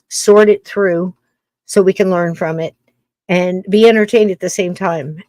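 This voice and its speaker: A woman's voice: fairly low pitch, darkish tone, no echo. An older woman hosting a podcast, musing in a casual, rambling monologue full of restarts. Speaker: podcast host.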